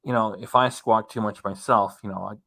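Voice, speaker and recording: A man's voice: lowish voice, fairly even intonation, a little fast, gravelly, fairly bright tone. A man casually commenting as host of a reaction channel, chatty and rambling, laughing often as he talks.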